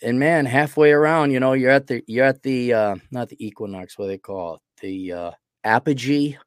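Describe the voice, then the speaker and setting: A man's voice: medium pitch, normal speed, smooth, dry recording. Dry-sounding man with a cold. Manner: rambling, self-deprecating, restarts often. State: sick with a cold. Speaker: podcast host. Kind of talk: casual monologue.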